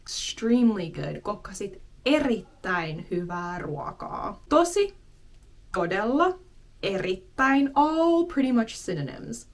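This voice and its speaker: A young adult woman teaching a language lesson, slowly repeating each word several times for learners. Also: medium pitch. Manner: slow, repeats words many times for learners. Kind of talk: relaxed spoken language lesson.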